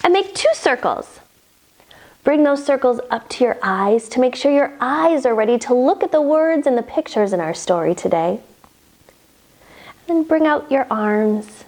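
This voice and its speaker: A young woman leads little kids through yoga in a high voice that swoops up and down. She talks slowly, in a cheerful sing-song, and breaks into rhymes and playful animal noises. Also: expressive, darkish tone. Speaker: kids' yoga teacher. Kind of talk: guided children's yoga with rhymes.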